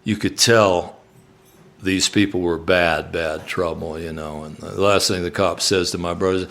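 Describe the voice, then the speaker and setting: A man, a singer-songwriter, telling an animated story live on stage and acting out the people in it. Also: sits low, normal speed, vocal fry. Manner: animated storyteller, acts out quoted voices.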